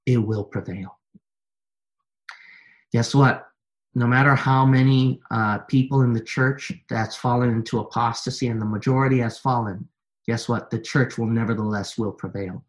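A man preaching a sermon to his church, repeating refrains and building from quiet, low lines to loud, high-pitched exhortation. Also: steady tone, moderate pace. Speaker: pastor.

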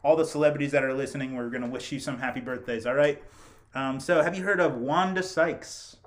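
A man's voice: medium pitch, brisk. A young man hosting a casual podcast chat, telling stories in a chatty, joking way. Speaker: podcast host.

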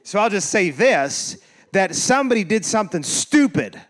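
Animated pastor preaching a lively sermon. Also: male voice, high-pitched, normal speed. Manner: animated and conversational, acting out quoted voices; jokes and laughs with the congregation.

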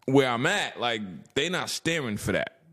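Podcast co-host, man, East Coast, lively storyteller voice that swings high and low. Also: moderate pace. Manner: animated storyteller, acts out quotes with big pitch jumps. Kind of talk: casual chat.

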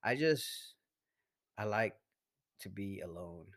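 A man co-hosting a podcast, chatting casually in halting, rambling sentences full of restarts and swearing. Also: on the low side, expressive. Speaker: podcast co-host.

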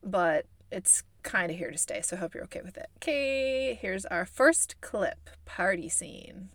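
A woman hosting a casual movie review podcast, chatty and expressive, talking in a put-on Midwestern accent. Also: fairly low pitch, moderate pace. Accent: fake Midwestern. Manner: expressive, chatty, laughs often. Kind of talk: casual chat.

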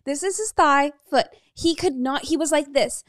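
A woman's voice: sits high, moderate pace, no echo, clean studio sound. A young woman co-hosting a podcast, animatedly telling a story and acting out the quotes. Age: young adult. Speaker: podcast co-host. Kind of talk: casual chat.

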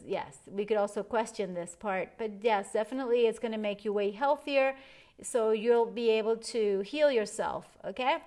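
A woman's voice: a little high, darkish tone. Chatty, encouraging woman podcast host. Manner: chatty, encouraging, laughs often, reads some facts aloud. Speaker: podcast host and life coach. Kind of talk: casual podcast monologue.

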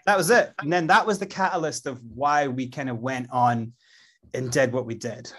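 A man's voice: medium pitch, moderate pace, a bit bright, breathy edge. A man with a Scottish accent, a guest in an interview, telling his story in a rambling way with many fillers and restarts. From Scotland.

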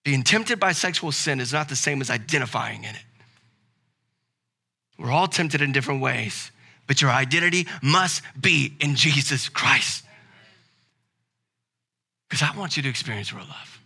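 Man, pastor, Southern American accent, sermon, very bright tone, swings from loud emphatic preaching to quiet. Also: mid-range voice, animated, moderate pace, vocal fry, long pauses, breathy edge.

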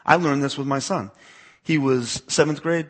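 A man's voice: a little high, normal speed. A youth pastor in his forties who grew up on the US East Coast, giving a talk to a church audience in a conversational manner, repeating words and asking listeners to raise their hands.

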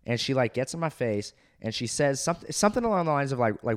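A man's voice: mid-range voice, expressive, fast. A young man casually telling a bar story to a friend, laid-back and profane. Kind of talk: casual chat.

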